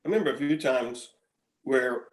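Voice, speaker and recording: A man in his fifties, a podcast guest, telling animated stories in casual chat, often chuckling and repeating words. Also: mid-range voice, moderate pace, poor audio. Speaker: podcast guest, former pitcher. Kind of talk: casual storytelling.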